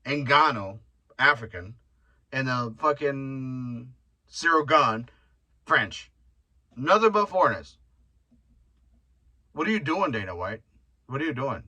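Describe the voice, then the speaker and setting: A man's voice: medium pitch, animated, slow pace, pauses often, pushed and bright, poor audio. A young man hosting his own podcast, telling rambling stories in a loose, profane, joking way. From Mexican heritage. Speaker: podcast host. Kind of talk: casual solo podcast rant.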